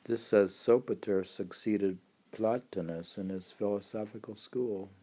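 A man's voice: lowish voice, fairly even intonation, measured pace, warm tone, slightly rough. A man reading a philosophy text aloud and chatting, stumbling over Greek names. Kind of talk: reading aloud and casual chat.

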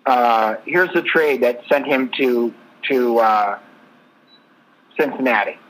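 A man's voice: medium pitch, takes it slowly, fairly bright tone, rough recording. A man co-hosting a casual sports podcast, telling stories and listing trade details. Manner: storytelling, lists trade details. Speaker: podcast co-host.

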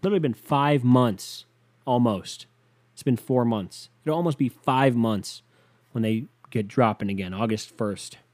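A man in a mid-pitched voice vents to his co-host in a loose, profane rant. He sighs heavily and lurches between sudden loud outbursts and tired, half-muttered asides, the exasperation never far from the surface. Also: a little slow. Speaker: podcast host. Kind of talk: casual ranting monologue.

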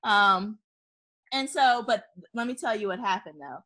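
Animated woman telling a story, laughing often. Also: medium pitch, measured pace. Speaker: guest. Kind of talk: casual conversational storytelling.

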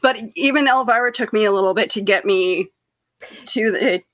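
A woman speaks casually on a podcast, stopping and restarting as she searches for words, with small nervous laughs. Her voice is bright, but the recording is a bit dull and muffled. The sound is dry. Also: mid-range voice, normal speed, no echo. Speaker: podcast co-host. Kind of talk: casual chat.

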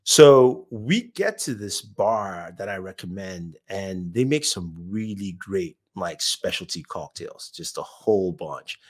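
A man's voice: deep voice, expressive, slow, few pauses. A man, a YouTuber guest, telling anecdotes in casual chat, acting out the voices of people he quotes and laughing often.

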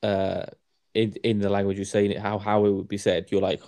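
A man's voice: lowish voice, flat delivery, a little fast, mellow. Sweary rambling man. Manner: sweary, rambling, stumbling restarts. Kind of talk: casual chat.

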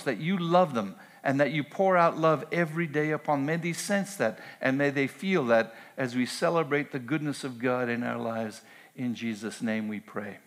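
A man delivering a church sermon in a somewhat high voice. He speaks earnestly, repeating key phrases for emphasis as he preaches. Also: a bit bright. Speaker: pastor.

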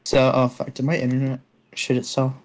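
A man's voice: medium pitch, completely flat delivery, fairly quick. A young man telling a long story to friends over a call, rambling with lots of fillers and swearing. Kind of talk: casual chat. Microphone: online call.

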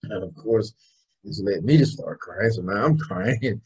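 A man's voice: fairly low pitch, unhurried, a little mellow, breathy edge, low-quality recording. A middle-aged man, a motivational speaker, telling his personal story in an interview in an emphatic, earnest way.

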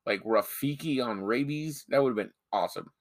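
This podcast co-host has a mid-range voice and talks a little fast, casually reviewing a movie with profane jokes and mock outrage. The audio is studio quality with no room sound.

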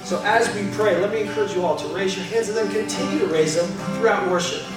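A man preaching a sermon as pastor, conversational and earnest, sometimes quick and sometimes slow for emphasis. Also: high voice. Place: church sanctuary. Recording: distant mic in a very echoey hall with faint guitar.

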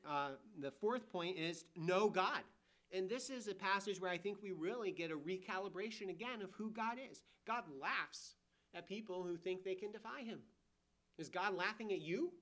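A man's voice: a little high, sharp tone. Emphatic, chatty man preaching a sermon. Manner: conversational, emphatic, wry asides. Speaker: guest preacher.

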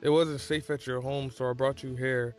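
A man's voice: medium pitch, level tone, moderate pace, faint music behind, lightly acted. A man voicing a protective, nervous teenage boyfriend in a storybook reading. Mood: serious. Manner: nervous, gentle.

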